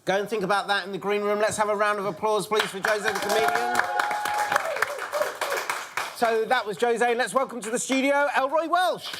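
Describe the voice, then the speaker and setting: A man's voice: sits high, steady tone, normal speed, a loud crowd, heavy background noise. A man hosting a studio comedy show, playful and fond of corny dad jokes. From United Kingdom. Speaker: host.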